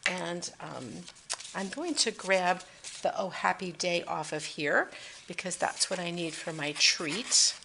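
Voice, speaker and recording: A woman with a low, gravelly voice talks through a papercraft tutorial, chatty and unhurried, filling the pauses with thinking-aloud fillers. Faint background noise sits under her voice. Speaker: papercraft demonstrator. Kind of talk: casual craft tutorial.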